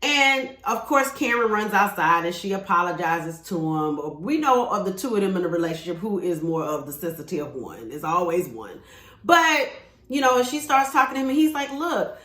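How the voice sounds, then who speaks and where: A woman's voice: fairly low pitch, very animated, moderate pace, fairly bright tone, reverberant. A woman giving a chatty, casual recap of a TV episode, with sassy asides to her viewers. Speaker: TV show reviewer.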